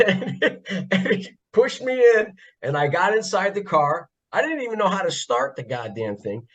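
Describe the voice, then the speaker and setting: A former pit crew member from the northeastern US guests on a podcast, telling casual stories with plenty of jokes and laughter; he calls himself a funny guy. His high, sing-song voice is a bit bright and measured in pace, heard through slightly dull lo-fi audio.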